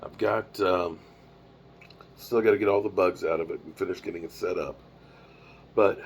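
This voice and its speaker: A man in his fifties, rambling and yawning from tiredness, chats casually on a live stream while traveling, with a microphone and small mixer as his mobile setup. The voice is low-pitched, and a little hiss or hum is audible.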